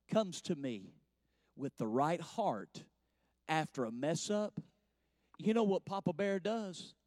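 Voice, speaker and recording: A man preaching in church, his voice sitting high and sounding dry and close. He tells homespun stories and builds into fervent, ringing passages. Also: darkish tone, no room sound. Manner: folksy storytelling, rising to fervent preaching. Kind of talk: sermon.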